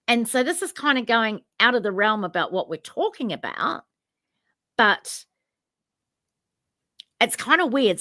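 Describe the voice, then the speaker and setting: A woman's voice: on the high side, a bit bright, no echo, studio quality. A woman, co-hosting a casual chat and telling a story, acting out both sides of remembered conversations. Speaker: podcast co-host.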